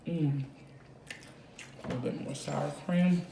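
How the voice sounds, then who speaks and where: A woman with a low voice talks slowly and casually to her viewers while eating, filling the gaps with contented hums. Her chat is unhurried and relaxed. She is recorded in an echoey room with a little background noise. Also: creaky. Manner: slow, relaxed talk between bites, lots of contented hums. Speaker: mukbang vlogger.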